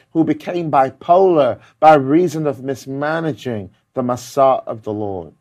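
A man's voice: medium pitch, measured pace, hardly any pauses, a little mellow. Man preaching with strong emphasis. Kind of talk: sermon.

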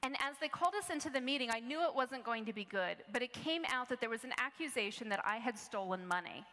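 A woman's voice: a little high, expressive, fast, sharp tone. A woman preaching a sermon, telling a personal story in an earnest, conversational way with frequent restarts. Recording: long reverb of a large hall.

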